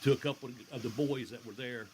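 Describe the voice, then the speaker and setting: A male podcast host with a mid-range voice. He feels his way into delicate questions, stopping and restarting with plenty of "um"s. A faint hiss runs under the recording. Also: medium pitch. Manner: hesitant, halting, full of fillers. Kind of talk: interview questions.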